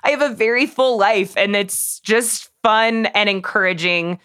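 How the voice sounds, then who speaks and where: Young adult woman, bright tone, mid pitch, chatty and effusive, studio podcast mic. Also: measured pace, clear, resonant tone. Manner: chatty, effusive, many "like" fillers. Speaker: podcast co-host. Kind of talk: casual chat.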